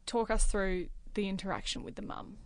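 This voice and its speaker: A woman co-hosting a podcast in casual chat, answering with quick teasing quips. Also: medium pitch, steady tone, no room sound. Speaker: podcast co-host. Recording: loud background noise.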